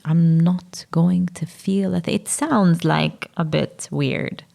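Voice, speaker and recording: A young woman with a Maltese accent, a podcast guest speaking haltingly, searching for words and sometimes dropping to a whisper. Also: fairly low pitch, steady tone, vocal fry, warm tone. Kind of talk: emotional personal conversation.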